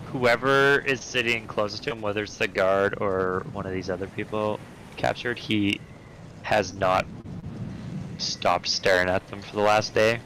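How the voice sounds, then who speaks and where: A man's voice: lowish voice, steady tone, measured pace, a bit bright, slight background noise, rough recording. A man playing in a tabletop game, chatting casually and asking the game master questions. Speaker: player.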